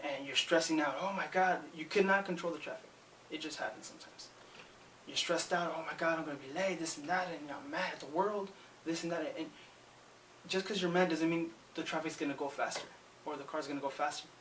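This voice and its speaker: A man's voice: on the high side, a bit bright, far from the mic, slight background noise, low-quality recording. A man giving an earnest, emphatic motivational talk, often repeating words as he starts a sentence. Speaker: motivational speaker.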